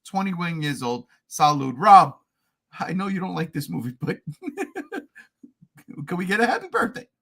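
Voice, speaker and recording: A man hosting a casual podcast chat, excitable and profane, often laughing and shouting. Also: sits high, a little slow, creaky, pauses often. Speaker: podcast host.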